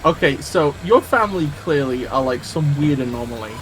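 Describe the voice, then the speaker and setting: A man's voice: a little high, expressive, brisk, slight background noise. A man streaming a game, chatting casually and teasing his partner, swearing freely. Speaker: streamer, host. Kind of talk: casual gameplay chat.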